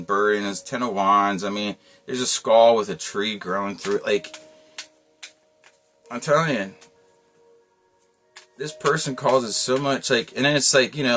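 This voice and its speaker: A man's voice: on the low side, pushed and bright. A man giving a casual tarot reading, talking in a loose, rambling way with lots of slang and frequent chuckles. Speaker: tarot reader.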